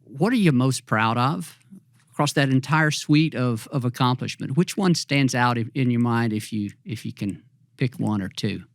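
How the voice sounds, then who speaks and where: A podcast host asking an interview question haltingly, restarting his words. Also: medium pitch, vocal fry, no room sound, clean studio sound.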